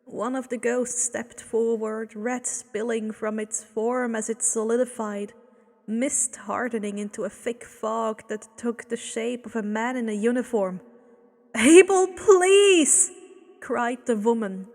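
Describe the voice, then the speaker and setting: Woman reading fanfic out loud, super slow, kinda high voice. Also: flat delivery, long reverb tail. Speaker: fanfiction reader.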